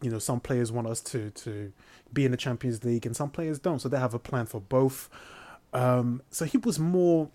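A man's voice: medium pitch, normal speed, warm tone. A man, co-hosting a casual football chat, blunt and opinionated with some swearing. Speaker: podcast co-host.

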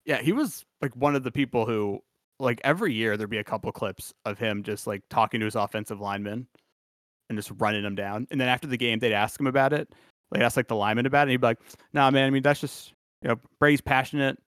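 A man's voice: mid-range voice, fast, fairly bright tone, no echo, clean studio sound. A man co-hosting a sports podcast, chatting casually, rambling and laughing at his own asides. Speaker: podcast co-host.

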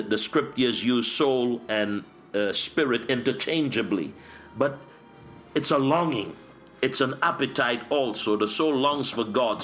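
Earnest middle-aged preaching pastor. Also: male voice, mid-range voice, a bit bright. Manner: earnest, repetitive preacher cadence. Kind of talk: interview answer, preaching.

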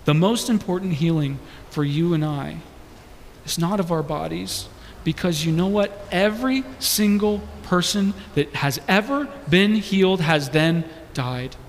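A man's voice: on the high side, unhurried, a little hiss or hum. A young man preaching a sermon, earnestly asking the congregation question after question. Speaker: pastor. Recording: long hall reverb.

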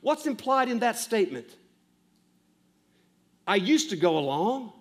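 A man preaching a sermon with feeling, repeating lines for emphasis and asking the listeners questions, swinging from loud stress to hushed, quiet passages. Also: high voice, big pitch swings, unhurried.

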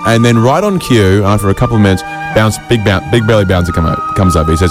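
A man delivering a rambling comic monologue full of quick asides and self-mocking jokes. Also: fairly low pitch, lively intonation, loud music behind the voice. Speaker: comedian host.

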